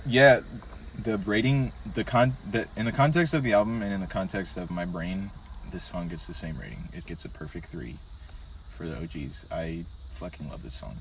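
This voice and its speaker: A young man co-hosting a casual podcast, reviewing songs in a profane, rambling, animated way. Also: low-pitched, normal speed. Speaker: podcast co-host. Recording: distant mic with faint background noise.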